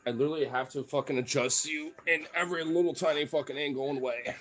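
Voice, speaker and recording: A man's voice: a little high, fast talker, a bit bright. A man live-streaming casually, laughing, swearing and cheering on his dogs as they play. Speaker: livestreamer.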